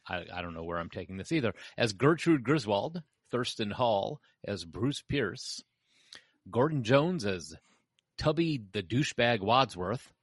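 A man's voice: on the low side, big pitch swings, a little slow, husky, no room sound, clean studio sound. A man hosting a casual podcast chat, reading out film credits and trailing off mid-sentence. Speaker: podcast host.

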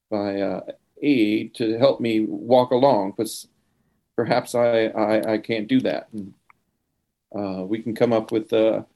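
A man at a tabletop game, laying out a plan in halting talk with frequent restarts. His voice sits at an ordinary pitch. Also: a little mellow. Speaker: player. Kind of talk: tabletop role-play, in and out of character.

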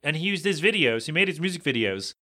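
A podcast host in his thirties chatting casually, reading listener answers and mocking them in an exasperated, animated way. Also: fairly high pitch, quick pace. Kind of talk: casual chat.

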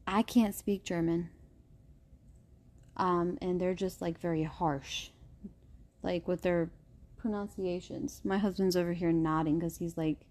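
A woman's voice: fairly low pitch, steady tone, unhurried, pauses often, darkish tone. A woman hosting a casual podcast, chatty and stumbling over names as she reads. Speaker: podcast host.

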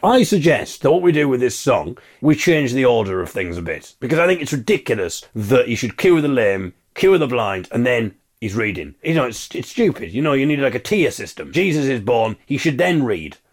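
A man hosting a podcast delivers a comic monologue in a tone of exasperated, wry ranting. His voice sits in a middling pitch. It swings widely as he argues his point. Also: big pitch swings, normal speed, few pauses. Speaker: podcast host.

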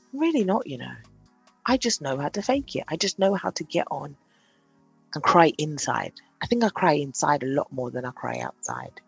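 A woman, talking candidly on her own podcast, swinging from brash self-hype to quiet confession. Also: low-pitched, vocal fry, husky. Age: 30s. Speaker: podcast host. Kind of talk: candid solo podcast monologue.

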